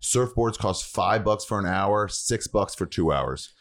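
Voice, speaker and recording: A man chatting casually on a podcast, telling animated stories and swearing freely. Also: lowish voice, a little slow. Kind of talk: casual chat.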